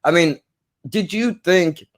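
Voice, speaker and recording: Man, film review co-host, earnest and impassioned, swears for emphasis, fairly high voice. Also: slow. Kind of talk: casual film discussion.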